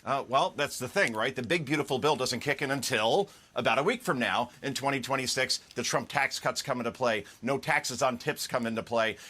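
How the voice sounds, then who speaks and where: A man's voice: medium pitch, fairly quick, few pauses, bright, forceful tone. A man speaking as a pundit guest in cable news commentary, making upbeat, confident talking points.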